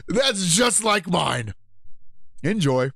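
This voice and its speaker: A man doing a squeaky teasing God voice. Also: sing-song, extremely slow, creaky, sharp tone, no echo, studio quality, heavily acted. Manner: teasing, mocking. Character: mock God teasing a man, high-pitched.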